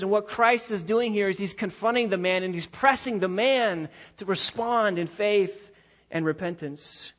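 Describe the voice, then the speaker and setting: A pastor delivering a sermon in a church, emphatic and repeating key phrases, slowing down to stress his points. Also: sits high, a bit bright. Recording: dull lo-fi recording.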